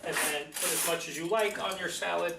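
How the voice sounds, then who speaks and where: Man, cooking show host, chatty and folksy, slightly high voice, echoey kitchen. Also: steady tone, fairly quick, vocal fry, heavy background noise. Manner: chatty, folksy, enthusiastic about food. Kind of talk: casual cooking demonstration.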